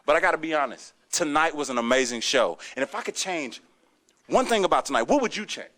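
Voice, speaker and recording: A man's voice: a little high, expressive, quick pace, fairly bright tone. A man defending his wrestlers, smug and gloating.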